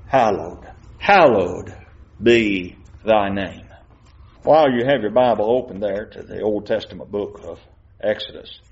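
A man preaching a sermon, reading scripture slowly and putting questions to the congregation. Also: medium pitch, warm tone. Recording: muffled church recording.

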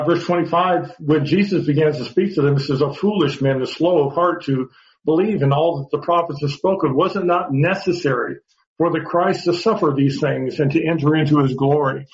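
Man teaching a Bible class, slightly high. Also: moderate pace. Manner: earnest, repeats words and restarts while explaining. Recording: dull lo-fi sound.

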